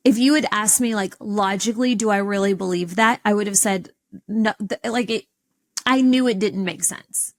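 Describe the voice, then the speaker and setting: Animated woman podcast host telling a story. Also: normal speed. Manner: animated, expressive storyteller with sudden pitch jumps. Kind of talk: personal storytelling monologue.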